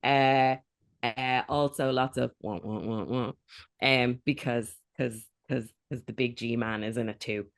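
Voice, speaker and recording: A woman's voice: extremely low pitch, steady tone, unhurried, no echo, studio quality. A woman co-hosting a podcast in casual chat, recommending a show hesitantly with many ums. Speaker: podcast co-host.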